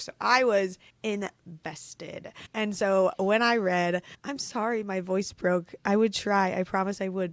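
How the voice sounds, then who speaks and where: A woman's voice: on the low side, vocal fry, no room sound. A woman co-hosting a casual book club podcast, earnest and laughing as she talks. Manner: earnest, laughs while talking. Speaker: podcast co-host.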